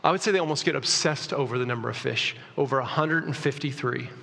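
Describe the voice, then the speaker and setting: A man preaching a sermon as a pastor, conversational and animated, often restarting his sentences. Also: mid-range voice, fast talker, creaky, big-room sound. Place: church.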